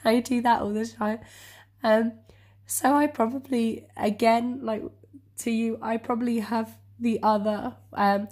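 A woman's voice: a little high, fairly even intonation, measured pace, darkish tone. Giggly young woman in her twenties. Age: 20s. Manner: chatty, giggly, self-deprecating. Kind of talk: casual chat.

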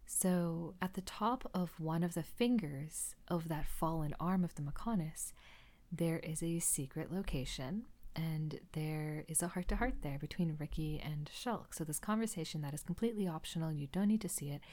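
A woman's voice: low-pitched, normal speed, warm tone. A woman hosting a casual solo podcast, rambling with enthusiasm and often dropping to a near-whisper. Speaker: podcast host.

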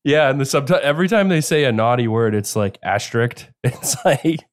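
A man's voice: medium pitch, lively intonation, brisk. A young man co-hosting a casual podcast, teasing the guest and laughing a lot. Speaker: podcast co-host. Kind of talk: casual chat.

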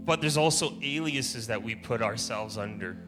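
A man's voice: mid-range voice, normal speed. A man giving an informal testimony-style sermon at church, telling stories in a chatty way and laughing often. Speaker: church speaker. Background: soft guitar music.

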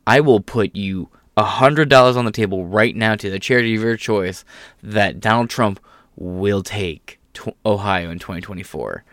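Male commentary host, low voice, dry close mic, blunt and sarcastic, swears. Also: moderate pace, fairly bright tone, no echo. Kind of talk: casual political commentary vlog.

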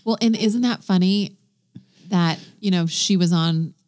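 A woman's voice: lowish voice, measured pace, a little mellow. A woman co-hosting a podcast in casual comedic chat, telling stories with many fillers. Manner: chatty storyteller with many fillers. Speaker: podcast co-host.

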